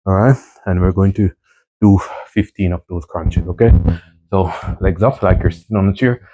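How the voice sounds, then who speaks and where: Speaking at normal speed in a low voice, a male fitness instructor does a home workout as he coaches it, calling out rep counts and asking "right?" and "okay?" in a strained voice. The highs are cut off and the background is noisy.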